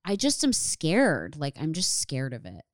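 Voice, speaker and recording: A woman's voice: deep voice, huge pitch swings, a little slow, no echo, clean studio sound. A young adult woman co-hosting a podcast, chatting casually, swearing freely and acting out what people said. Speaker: podcast co-host. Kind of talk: casual chat.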